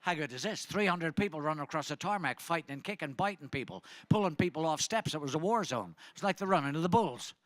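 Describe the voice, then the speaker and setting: A man's voice: on the high side, animated, fast talker, few pauses, fairly bright tone, no room sound. A middle-aged man doing a stand-up comedy set, rambling and chatty as he teases the audience. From Ireland.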